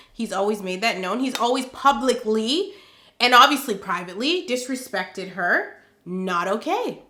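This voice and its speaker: A woman's voice: medium pitch, pushed and bright, roomy sound. A woman hosting a casual gossip commentary, sassy and emphatic, driving her points home with a pointed "okay?". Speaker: commentary channel host.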